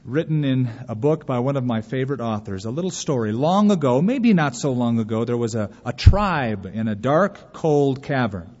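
A man's voice: mid-range voice, a little mellow. A man preaching a sermon and reading a story aloud, earnest and emphatic, pleading at times. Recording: dull recording with long hall reverb.

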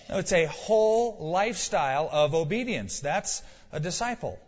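Husky-voiced male preacher in a hall. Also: high-pitched, lively intonation, moderate pace, hardly any pauses. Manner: emphatic preaching with rhetorical questions and repeated lines. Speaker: pastor. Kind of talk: sermon. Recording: dull lo-fi sound with long hall reverb.

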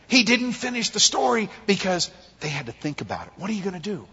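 Husky, high-voiced and talking fast with few pauses, a preacher gives a conversational expository sermon. He animatedly performs quotes and jokes about his family, captured in dull audio that carries a large-room sound.

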